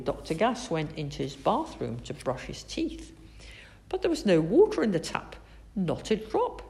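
A woman reading a children's story aloud in an expressive, sing-song way. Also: mid-range voice.

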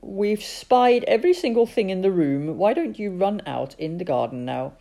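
A woman's voice: medium pitch, animated, normal speed, creaky, mellow, pitched above the performer's own voice. A woman reading as a weary, desperate father. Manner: pained, desperate. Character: weary grown man, a girl's father, laid up.

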